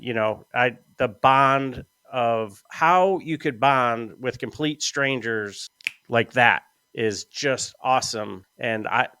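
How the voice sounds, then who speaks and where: A man in a relaxed podcast chat, with a smooth, resonant voice recorded close and dry. He tells long, rambling stories at an easy pace and swears casually along the way. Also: mid-range voice, dry recording. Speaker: podcast host.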